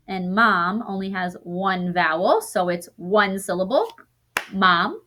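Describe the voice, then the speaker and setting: A woman teaching a recorded lesson to young students, sounding out word parts slowly and often correcting herself as she goes. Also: medium pitch, lively intonation, bright, forceful tone.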